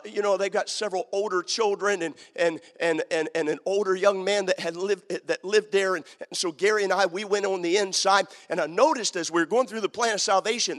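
A man preaching a sermon, telling a story that builds into fervent shouting. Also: sits high, in a large hall.

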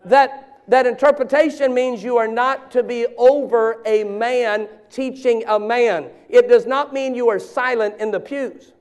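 Man, 50s, very high-pitched, animated preacher who shouts for emphasis. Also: a little slow, few pauses, clear, resonant tone. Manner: animated, shouting bursts and joking asides. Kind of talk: sermon.

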